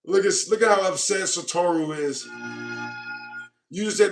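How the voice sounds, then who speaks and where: High-voiced American man riffing on comments. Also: normal speed, vocal fry, soft background music. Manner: joking, mock-offended, calls viewers bro. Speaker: host. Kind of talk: casual livestream chat reading comments.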